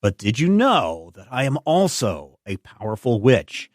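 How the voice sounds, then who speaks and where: A man voicing a calm telepathic young heroine in a soothing, matter-of-fact way, close to his own voice. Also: medium pitch, a little slow, no room sound.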